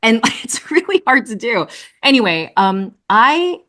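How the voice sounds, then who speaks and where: A woman puppeteer, a guest on a video-call interview, telling lively stories with lots of laughter and fillers. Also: a little high, a little slow. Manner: animated, laughing, many fillers. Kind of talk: casual interview storytelling.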